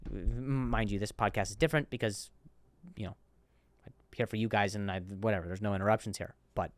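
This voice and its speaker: A man in his thirties with a stutter, hosting a comedy podcast and telling stories in animated, repetitive rants. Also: on the low side, a little fast, dry recording. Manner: stammers and repeats words, animated rants. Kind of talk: comedic monologue.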